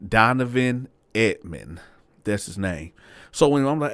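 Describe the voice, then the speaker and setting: Animated man telling a street story. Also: fairly low pitch, unhurried, clear, resonant tone, no echo. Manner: animated, acts out dialogue in voices. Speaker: storyteller host. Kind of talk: casual prison storytelling.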